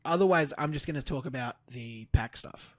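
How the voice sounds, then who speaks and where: A man's voice: medium pitch, brisk, dry recording. A man co-hosting a casual podcast, recapping matches in a rambling, play-by-play way with lots of fillers. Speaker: podcast co-host. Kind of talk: casual wrestling recap chat.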